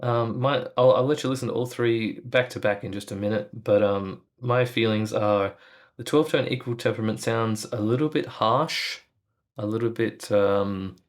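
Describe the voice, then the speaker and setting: A man calmly explaining musical tuning in a video lesson, thoughtful and musing, with frequent fillers. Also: lowish voice, normal speed. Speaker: music educator.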